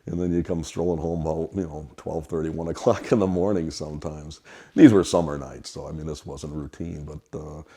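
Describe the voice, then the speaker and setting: A man's voice: extremely low pitch, fairly quick. A middle-aged man from Wisconsin, telling rambling stories about his childhood at the family restaurant. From Wisconsin, USA. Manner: relaxed, rambling anecdotes. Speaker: restaurant kitchen worker. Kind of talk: storytelling interview.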